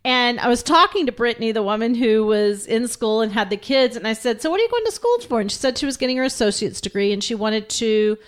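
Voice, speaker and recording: A woman's voice: on the high side, a little fast, few pauses, clean tone. A woman co-hosting a podcast, telling a story with earnest, emphatic conviction. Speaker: podcast co-host.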